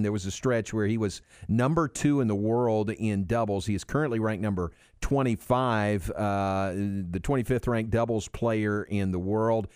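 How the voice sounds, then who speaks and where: A male host lays out a sports recap in a steady, informative delivery, listing results one after another. His voice is smooth and resonant, and it sounds dry and close to the mic, with no room around it. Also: on the low side, no echo. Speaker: radio host. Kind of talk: broadcast recap.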